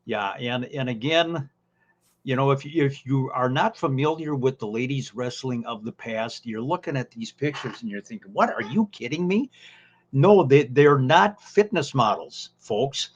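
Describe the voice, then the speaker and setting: A man co-hosting a podcast, an unhurried storyteller who drifts into folksy asides and fillers. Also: mid-range voice, animated, lo-fi sound. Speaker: podcast co-host, former ring announcer. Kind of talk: casual podcast chat.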